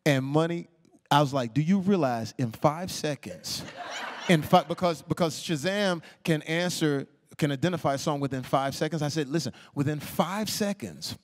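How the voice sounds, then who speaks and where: Animated man telling stories onstage. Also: a little high, moderate pace. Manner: animated, acts out quoted people. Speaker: guest. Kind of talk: storytelling in a stage interview. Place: onstage talk before a live audience.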